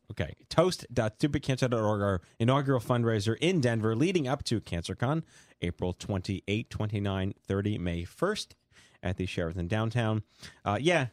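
A man's voice: on the low side, no echo, studio quality. A man with a New York accent hosting a casual talk show, rambling and correcting himself as he goes. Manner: rambling, self-correcting, playful. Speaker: podcast host.

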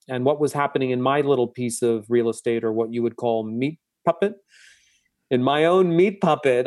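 A man, a psychotherapist, telling a personal story in a reflective, halting way, with many restarts. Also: mid-range voice, darkish tone, dry recording. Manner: reflective, with frequent restarts and fillers. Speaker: guest psychotherapist. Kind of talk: conversational storytelling.

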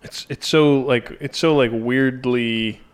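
A man's voice: medium pitch, steady tone, slow, smooth. A man hosting a podcast, chatting loosely with frequent laughs and lots of fillers. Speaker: podcast host. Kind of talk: casual podcast chat.

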